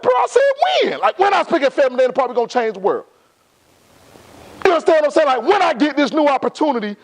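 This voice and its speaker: A young man giving a motivational talk to a live audience, emphatic and repeating phrases for effect. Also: very high voice. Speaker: motivational speaker.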